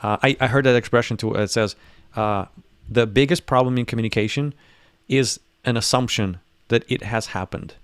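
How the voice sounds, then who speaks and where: A man's voice: medium pitch, normal speed, clear, resonant tone, dry recording. A man co-hosting a live talk show, talking in a rambling way with many restarts and acted-out quotes. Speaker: podcast co-host. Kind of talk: casual live discussion.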